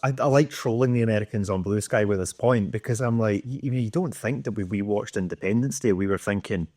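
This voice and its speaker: Sweary Scottish man in animated chat. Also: fairly low pitch, brisk, dry recording, studio quality. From Scotland. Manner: sweary, animated, mimics voices in quotes. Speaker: podcast panelist. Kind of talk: casual chat.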